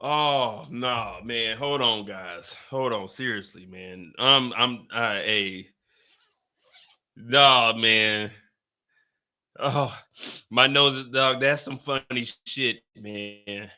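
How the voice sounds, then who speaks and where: A young adult man on a live stream, his voice bright and cutting, breaking into incredulous laughter over the news. He talks in unhurried, loose slang, and between outbursts he reads updates aloud plainly. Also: mid-range voice. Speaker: streamer reacting to trial news.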